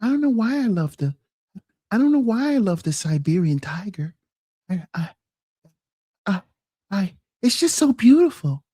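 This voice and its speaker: Timid, hushed male pop star with a halting stammer, as a woman mimics him, lively little pitch lifts. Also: slightly rough, no room sound, clean studio sound.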